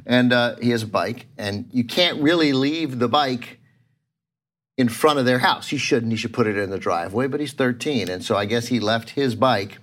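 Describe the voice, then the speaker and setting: A man in casual podcast chat, rambling through a story about his neighbor. He laughs often and slips into quoted voices, with his pitch sitting in the middle. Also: normal speed, a bit bright. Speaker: podcast host.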